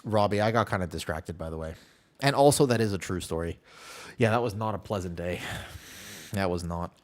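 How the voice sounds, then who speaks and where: A man's voice: sits low, a little fast. A man chatting casually on a live game stream, telling rambling self-deprecating stories and answering chat messages aloud.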